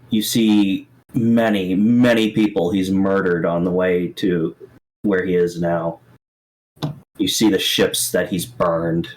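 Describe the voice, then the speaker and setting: A man narrating a tabletop game as game master, halting and repeating words as he describes the scene. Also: low voice, darkish tone, rough recording.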